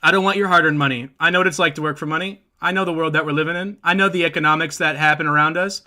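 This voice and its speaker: A man live-streaming and chatting casually with viewers, excitable and profane, thanking new followers by name. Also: a little high, very fast.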